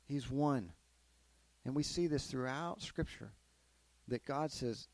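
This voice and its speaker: A man teaching a Bible lesson to a group of children, keeping them involved with steady questions and lively storytelling. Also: medium pitch, takes it slowly, no room sound. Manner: asks the kids questions, animated storytelling. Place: classroom with children.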